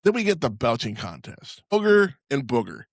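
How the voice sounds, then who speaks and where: A man's voice: medium pitch, very animated, moderate pace, no room sound, clean studio sound. A man co-hosting a casual movie podcast, retelling film scenes with swearing and acting out the lines. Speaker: podcast co-host.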